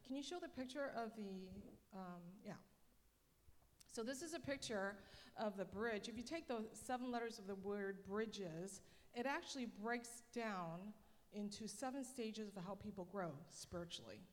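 A woman missionary speaking to a church congregation in a chatty, animated storytelling manner. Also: medium pitch, a little slow. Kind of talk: church talk. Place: church hall. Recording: long reverb of a large hall.

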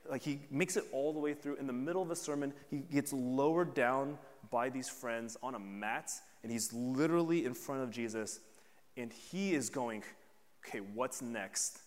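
A man preaching a sermon at a middle pitch, talking to his listeners as if in conversation and often checking in with "right?". He acts out the voices of people in the story. His voice trails off into a long reverb, as in a large hall. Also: normal speed.

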